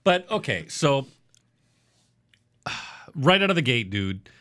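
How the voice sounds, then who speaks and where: A man's voice: mid-range voice, very animated, slow, pushed and bright. A man co-hosting a podcast, casually reviewing a TV episode in a blunt, profane, rambling way. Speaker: podcast co-host.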